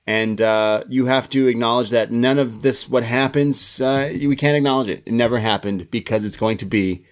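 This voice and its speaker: A man co-hosting a casual wrestling review podcast, excitable, swearing and acting out what wrestlers said. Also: mid-range voice, moderate pace. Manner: excitable, swears, acts out quotes. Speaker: podcast co-host.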